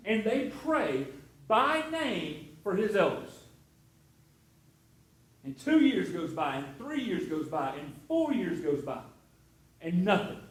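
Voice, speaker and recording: A man's voice: sits high, big pitch swings, takes it slowly, long pauses, echoey room, low-quality recording. A middle-aged man preaching a sermon, telling stories in a conversational way, full of restarts and asides. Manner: storytelling, conversational with many restarts. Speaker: pastor.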